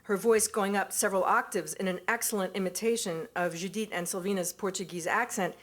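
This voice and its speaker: A woman's voice: mid-range voice, steady tone, fairly quick, hardly any pauses. Woman reading her memoir aloud, wry. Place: university reading event.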